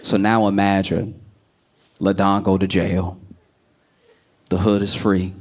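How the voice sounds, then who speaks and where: A man doing stand-up comedy, telling a story in an animated way and jumping into put-on voices. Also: takes it slowly. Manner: animated, jumps into high put-on voices, laughs a lot.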